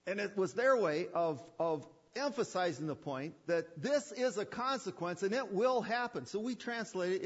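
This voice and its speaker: A man's voice: high voice, lively intonation, moderate pace, few pauses. A man preaching a sermon with emphatic repetition and rhetorical questions. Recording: dull lo-fi sermon recording.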